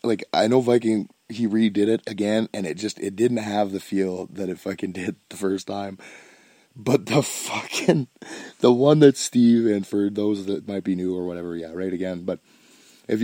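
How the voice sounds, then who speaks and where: A man's voice: fairly low pitch, normal speed, dark tone, no room sound. A man hosting a solo podcast, rambling with constant swearing, frequent restarts and bursts of laughter, and sounding stoned. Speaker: podcast host.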